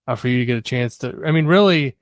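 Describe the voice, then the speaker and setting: A man hosts a sports podcast in a casual, conversational way, often pausing on "uh". His voice is smooth and resonant. The recording is close and dry. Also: medium pitch, no room sound. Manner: filler-heavy, conversational with frequent "uh". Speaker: podcast host.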